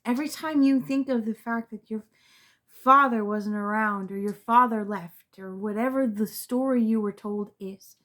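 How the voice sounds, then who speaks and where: A woman giving a spiritual tarot reading to her viewers, reflective and earnest, often repeating words and trailing off softly. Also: a little high, moderate pace. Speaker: tarot reader.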